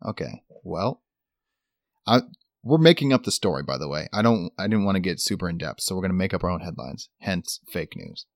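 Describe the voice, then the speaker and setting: Low-voiced man rambling casually. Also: sing-song, brisk, dry recording, studio quality. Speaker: podcast co-host. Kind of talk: casual chat.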